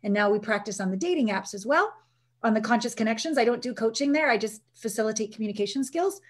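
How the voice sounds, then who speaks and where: Animated higher-pitched woman coach. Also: quick pace. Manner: animated storyteller, acts out quotes. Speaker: intimacy coach, guest. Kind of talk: conversational interview, storytelling.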